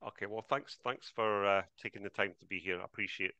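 A man's voice: lowish voice, steady tone, fast, pushed and bright, no room sound, lo-fi sound. A man hosting a live online trading class over a video call, chatty and greeting each attendee by name.

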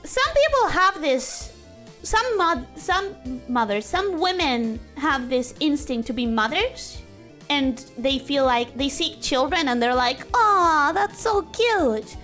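A woman's voice: high voice, slow pace, faint music behind. A young woman streaming while she draws, chatting casually and rambling, often cutting herself off mid-sentence. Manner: rambling, self-interrupting, animated. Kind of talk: casual chat while drawing.

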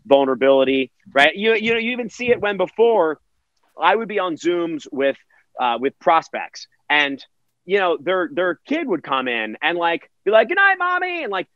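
A man's voice: on the high side, lively intonation, moderate pace, fairly bright tone, no echo, highs cut off. A man who works as a virtual event host, answering interview questions energetically and acting out quotes in other voices.

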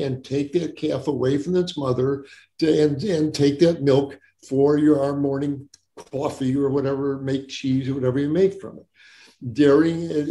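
A man's voice: on the high side, warm tone, echoey room. An older man from Wisconsin, a doctor being interviewed, telling his story earnestly and stressing words by repeating them. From Wisconsin, USA. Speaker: guest doctor.

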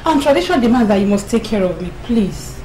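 A woman's voice: a little high, very animated, fast, noisy background. An actress with a Nigerian accent playing a young wife who keeps begging her husband for money. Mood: pleading. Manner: pleading, repetitive begging. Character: desperate pleading young wife. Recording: echoey room from far off, with music.

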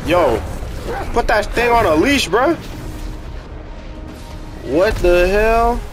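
An excitable young man doing casual let's-play commentary. His voice sits high and jumps around animatedly as he jokes and yells at the fights. Loud game music plays underneath. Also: slow pace. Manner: excitable, joking reactions, loud outbursts. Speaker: gaming streamer.

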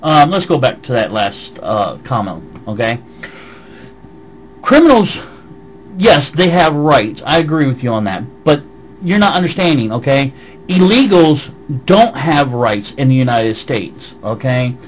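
A vlogger with a slight Southern American accent rants angrily, reading out comments and answering them in a heated, swearing voice. He speaks at normal speed in a sing-song, mid-range voice, and the recording is low quality.

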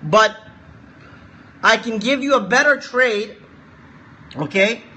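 A man's voice: sits high, slow, pushed and bright, husky. A man streaming live forex chart analysis, coaxing viewers to share and repeating his points.

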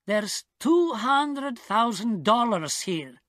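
A woman voicing a smug, gloating tall policeman who taunts slowly, in a story read for English learners. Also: a little high, very animated, fairly bright tone, dry recording, clean studio sound, voice pushed up, exaggerated voice.

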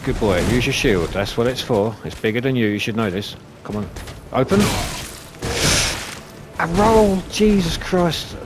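Gaming commentator, man, low voice, swears a lot and yells at the enemies, game music loud underneath. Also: brisk. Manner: sweary, excitable, talks to enemies. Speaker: gaming YouTuber. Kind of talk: let's play commentary.

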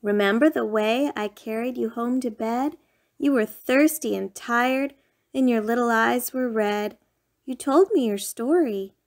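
A woman reads a rhyming picture book aloud at an unhurried pace. Her voice sits a little high, and she keeps a lilting, sing-song bedtime storytelling manner throughout. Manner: sing-song, lively bedtime reading with playful raised shouts.

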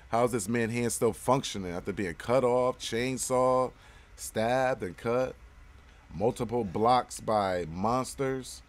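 A man's voice: medium pitch, slow pace. A man hosting a let's-play, commenting casually with slang and frequent swearing. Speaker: gaming channel host.

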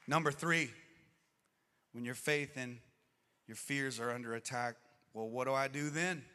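A middle-aged man preaching a sermon as pastor, swinging between loud outbursts and hushed, slow passages. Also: medium pitch, clean tone. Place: church auditorium. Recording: long reverb of a church hall.

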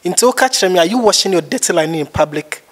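A man's voice: high-pitched, lively intonation, fast talker, a bit bright. A man with a Ghanaian accent giving his views in a casual chat, rambling and repeating himself. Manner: rambling, repetitive. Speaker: guest.

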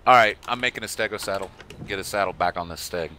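A man chatting casually as a co-player in a multiplayer game, easygoing and quick to laugh. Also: low-pitched, bright, forceful tone.

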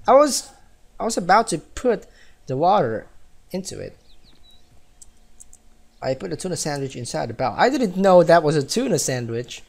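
Animated young-sounding male gamer. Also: fairly high pitch, gravelly. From Philippines. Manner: chatty, giggly, reads game text aloud. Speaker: gaming let's-player. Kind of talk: casual game commentary.

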